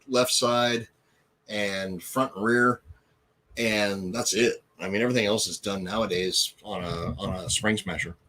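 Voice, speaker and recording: A man's voice: medium pitch, a bit bright. A middle-aged man co-hosting a casual live chat, joking, swearing and laughing often. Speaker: co-host.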